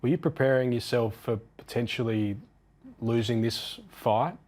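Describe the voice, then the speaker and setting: A man with an Australian accent, a sports TV host asking interview questions in a measured, gentle way. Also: medium pitch.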